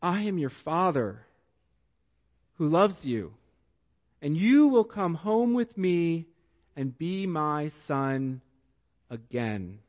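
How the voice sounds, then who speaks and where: Male preacher reading a loving father begging his son to come home, soft and slow, echoey lo-fi hall. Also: fairly high pitch, very animated. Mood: tender. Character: tender African father pleading with his lost son. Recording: echoey hall, dull lo-fi sound.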